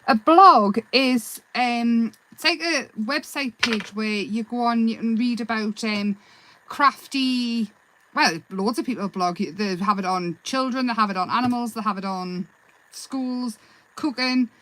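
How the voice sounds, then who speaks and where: A woman hosting a live craft demonstration, chatting in a relaxed, rambling way and answering viewers' comments as she works. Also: a little high, a little slow, low-quality recording. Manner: relaxed, self-deprecating. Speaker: craft livestream host.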